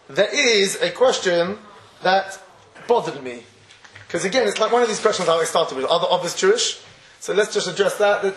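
High-voiced man teaching Torah. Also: fairly bright tone, roomy sound. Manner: conversational, chuckles often, acts out everyday scenes. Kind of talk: Torah class lecture.

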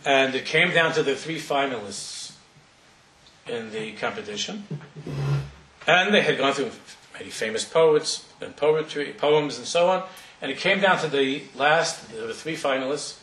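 During a sermon, a middle-aged rabbi recounts a story in a slightly high, animated voice that sounds bright and forceful at a measured pace. He wanders conversationally and often starts sentences over. The recording is distant, capturing a roomy hall.

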